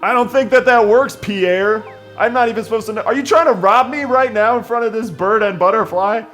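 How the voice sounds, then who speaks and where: A man's voice: high-pitched, brisk, fairly bright tone, faint music behind. A young man giving casual let's-play commentary, full of jokey, sarcastic asides.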